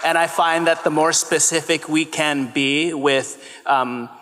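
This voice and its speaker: A man's voice: fairly high pitch, fairly even intonation, pushed and bright, some chatter behind, slight background noise. A man in his thirties, a children's TV host, speaking earnestly and gratefully on a convention panel. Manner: earnest and grateful, quick bursts of speech. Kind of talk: casual panel talk. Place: large convention hall. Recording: long reverb of a convention hall.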